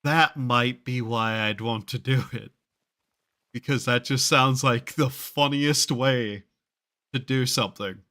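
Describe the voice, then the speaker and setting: A man streams a game at a slow pace, his medium-pitched voice carrying a sharp edge. His chatter rambles casually, wry and self-mocking, with swearing tossed in offhand.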